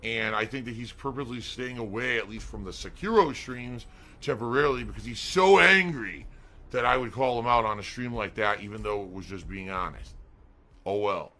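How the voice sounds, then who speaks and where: A man's voice: lowish voice, moderate pace, bright, forceful tone. Male streamer, sarcastic, defensive rant to chat. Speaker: game streamer.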